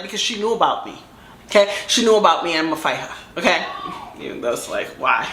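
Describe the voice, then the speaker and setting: Bright animated young woman telling a story. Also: on the low side, fast, slight background noise. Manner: animated, dramatic retelling with slang. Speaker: storytime vlogger. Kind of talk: casual storytime chat. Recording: roomy echo.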